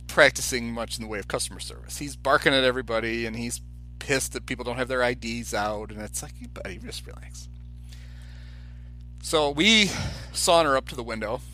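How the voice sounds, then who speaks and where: A man co-hosting a podcast, telling a story in casual chat and acting out the people in it. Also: medium pitch. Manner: animated anecdote teller, acts out quoted voices. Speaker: podcast co-host.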